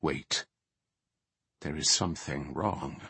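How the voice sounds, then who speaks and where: A man's voice: extremely low pitch, takes it slowly, creaky, sharp tone, breathy edge, no room sound, voice pushed down, exaggerated voice. A man voicing a proud male elf archmage, polite yet demanding.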